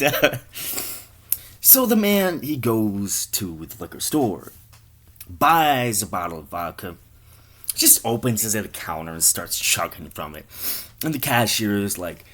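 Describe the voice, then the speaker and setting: A man's voice: lowish voice, big pitch swings, a little slow, pauses often, fairly bright tone. A man telling an improvised comic story in a rambling, profane, offhand way.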